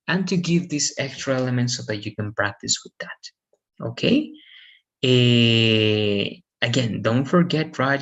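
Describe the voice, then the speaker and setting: Gravelly-voiced male English teacher. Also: mid-range voice. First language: Spanish. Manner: relaxed, repeats "again" and "all right" checks. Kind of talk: closing a recorded online class.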